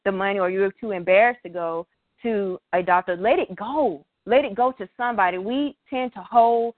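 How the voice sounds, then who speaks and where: A young woman talks from the heart in a halting, emotional way, often pausing to collect herself and sounding close to tears. The sound is thin and phone-like, and the room is dry and close. Her pitch sits in an ordinary middle range. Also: dry recording. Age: 20s. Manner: heartfelt, halting, many fillers. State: tearful, emotional. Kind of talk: emotional personal talk.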